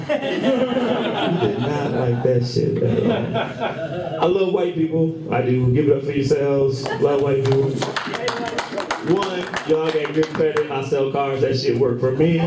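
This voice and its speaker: A man in his thirties doing a profane, animated stand-up set, acting out the people in his stories. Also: fairly high pitch, slow, long pauses. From Michigan, US. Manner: profane, animated storytelling with acted-out quotes. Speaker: stand-up comedian. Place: comedy club stage with laughing audience. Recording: roomy club recording from far off, crowd laughter.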